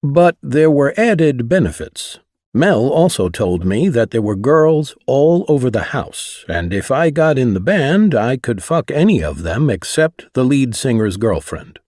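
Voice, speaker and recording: A man's voice: mid-range voice, big pitch swings, unhurried, a little mellow, no echo. A man narrating his own memoir in a wry, conversational way, close to the mic. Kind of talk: audiobook narration.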